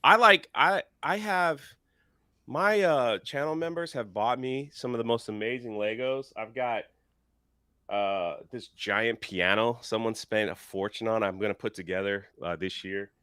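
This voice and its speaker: Man, low but bright, smooth, halting, dry close mic. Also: no room sound. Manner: halting, full of "uh". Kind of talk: casual live-stream chat.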